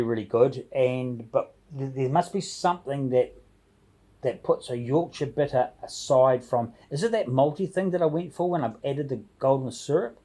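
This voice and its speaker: A man talks casually to his viewers from a home brew shed, his voice mellow and dark-toned at a mid pitch. He rambles and hesitates, restarting thoughts and filling gaps with ums as he goes. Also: rough recording. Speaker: home brewer. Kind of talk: casual vlog chat to viewers.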